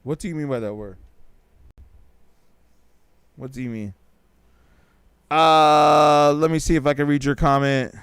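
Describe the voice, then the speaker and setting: A man's voice: a little high, measured pace, pauses often, fairly bright tone, clean tone, no room sound, studio quality. A man hosting a casual live-stream talk show, reading chat comments aloud, loose and joking, with slang and lots of repeats.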